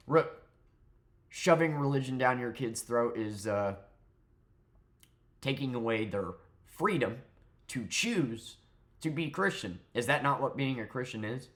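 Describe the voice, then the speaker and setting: A man's voice: on the low side, bright, forceful tone. Angry man ranting, swearing. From southern United States. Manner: heated, profane, sarcastic. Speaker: vlogger. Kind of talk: angry political rant.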